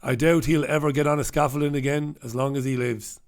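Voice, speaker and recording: A man's voice: medium pitch, fairly even intonation, fairly quick, smooth. A man hosting a casual newspaper review, chatty and irreverent, swearing and laughing at his own jokes. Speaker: host.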